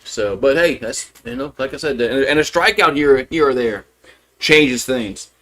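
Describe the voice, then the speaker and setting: A man calling a live baseball game as a fan streamer, openly rooting for his team, chatty and loose, with rambling asides between pitches. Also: lively intonation, a little slow, a bit bright. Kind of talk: live baseball play-by-play commentary.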